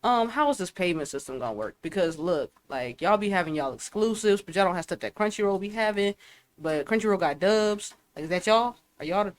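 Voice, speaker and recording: A woman's voice: mid-range voice, animated, brisk. A young woman from Ohio with an Ohio accent, co-hosting a casual chat with chatty, giggly storytelling. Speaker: co-host. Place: library.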